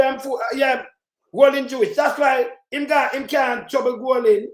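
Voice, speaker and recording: A speaker with a Jamaican accent giving an angry, profane political rant that keeps breaking into shouts. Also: high-pitched, fairly even intonation, normal speed. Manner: profane, heated, shouts in bursts. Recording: roomy echo.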